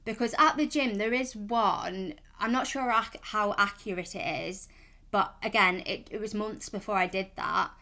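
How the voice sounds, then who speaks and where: A woman's voice: medium pitch, moderate pace, pushed and bright. A woman, talking casually in a vlog, chatty and rambling, frank and reassuring. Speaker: vlogger.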